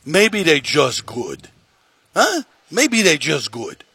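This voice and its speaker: A man impersonating a loud, brash male New York sports radio host, with a New York accent and a gravelly, husky voice. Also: on the high side, wildly swooping pitch, takes it slowly, no echo, full character voice. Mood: mocking, blustery.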